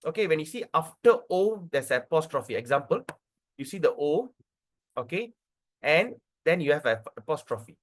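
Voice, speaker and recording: A man teaching a devotional scripture class, checking in often with "okay" and "right", and spelling out pronunciation slowly. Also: fairly high pitch. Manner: lively, repeats words and checks in with "okay" and "right".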